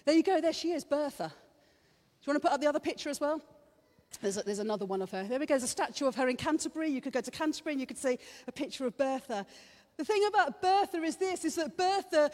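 Woman preaching, high voice, chatty and playful, big hall reverb. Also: a little mellow. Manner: chatty, playful, teases the congregation. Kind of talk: sermon. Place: church hall.

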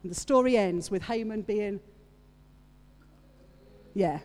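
A woman's voice: mid-range voice, slow. Woman preaching in a big hall. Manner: lively storyteller, playful asides. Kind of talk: sermon retelling a story to a congregation. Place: church hall with audience. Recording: long reverb of a large hall.

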